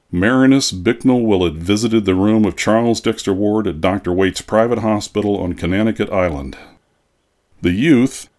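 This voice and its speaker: A man narrating a horror story for an audiobook in a measured, deliberate delivery. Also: fairly low pitch, darkish tone.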